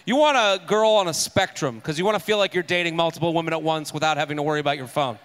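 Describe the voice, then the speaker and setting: A man's voice: fairly high pitch, quick pace, fairly bright tone, smooth. A man hosting a live comedy show, joking and swearing as he banters with the crowd. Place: live venue with audience.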